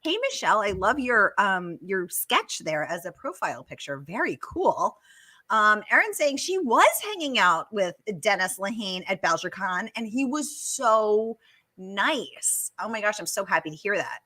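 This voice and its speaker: A woman's voice: medium pitch, big pitch swings, a little slow, pushed and bright. A woman hosting a casual live-stream Q&A, bubbly and chatty as she reads out viewer comments. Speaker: host.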